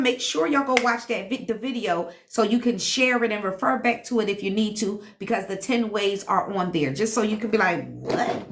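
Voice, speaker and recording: A woman's voice: mid-range voice, background noise. A woman hosting a casual live stream at home, a self-described healer and teacher who reads comments, laughs often and talks to viewers in a sassy, playful way.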